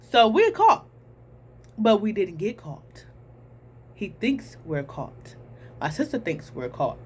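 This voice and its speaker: Animated young woman telling a story. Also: medium pitch, a little hiss or hum. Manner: animated, addresses viewers as y'all, acts out sounds and voices. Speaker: storytelling vlogger. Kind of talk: casual storytime.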